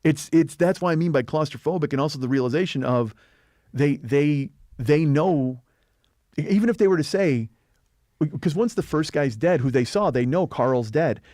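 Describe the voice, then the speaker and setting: A man co-hosting a casual film podcast, fast and animated, acting out lines and swearing freely. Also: a little high, no echo, clean studio sound. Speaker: podcast host. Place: podcast studio. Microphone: studio mic.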